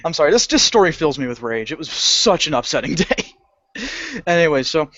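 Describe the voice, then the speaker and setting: A young man telling a story on a podcast, animated and swearing, acting out the people in it. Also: fairly high pitch, moderate pace, dry recording, highs cut off. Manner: animated, swearing, acts out customer voices. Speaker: podcast co-host. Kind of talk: casual storytelling rant.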